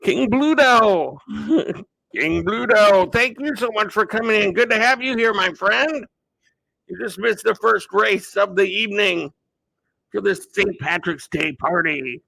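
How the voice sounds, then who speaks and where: Man, livestream host, chatty, very gravelly voice, bright tone, slow delivery. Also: sits high, expressive, no echo. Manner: chatty, greets viewers by name, thinks aloud. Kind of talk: casual livestream chat with mock race commentary.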